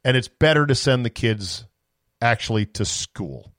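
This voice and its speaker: A man's voice: medium pitch, expressive, measured pace, a bit bright, no echo. A man hosts a solo sports podcast in a mid-range voice. He rants with exasperated sarcasm and the odd curse. The recording is dry, with no room sound. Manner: sarcastic, exasperated, profane ranting. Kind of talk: opinionated solo podcast monologue.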